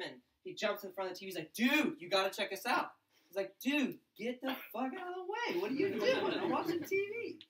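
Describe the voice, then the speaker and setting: A young man telling his story and pitching to a room of college students, excited and fast, acting out other people's lines. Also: echoey room, far from the mic, poor audio. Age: young adult. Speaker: event speaker. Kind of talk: energetic pitch talk to a crowd.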